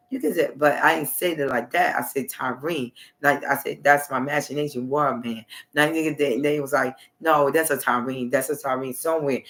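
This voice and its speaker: Man, livestream monologue, rambling, repetitive, unfinished sentences, mid-pitched voice. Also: fairly bright tone. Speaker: livestream host.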